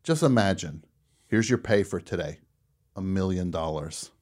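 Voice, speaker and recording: A man hosting a radio show, telling a comic story in a casual, animated way and laughing at his own punchlines. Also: low voice, normal speed, soft background music.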